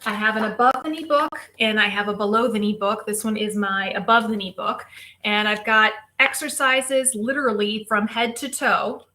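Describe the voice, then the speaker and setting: Bright-voiced woman hosting a live stream. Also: medium pitch, steady tone, moderate pace. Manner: chatty, greets viewers by name. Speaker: physical therapist hosting a live show. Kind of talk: casual live-stream chat. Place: home, Tampa.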